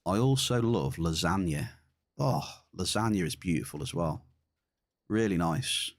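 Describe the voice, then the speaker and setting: Male streamer, lowish voice, dry close mic, relaxed banter. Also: unhurried, dry recording. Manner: chatty, reads and answers chat. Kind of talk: casual gaming stream chat.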